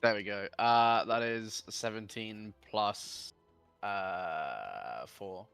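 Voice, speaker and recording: A man's voice: on the low side, very slow, vocal fry, fairly bright tone, clean tone, faint music behind. A man playing a tabletop game, talking casually and a little hesitantly. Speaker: player.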